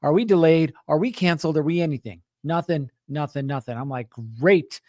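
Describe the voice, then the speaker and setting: Animated man telling a travel story. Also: a little high, brisk, no room sound, studio quality. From Utah. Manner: animated, acts out quotes, frequent "right?" asides. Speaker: host of a contractor business show. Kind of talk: casual storytelling to an audience.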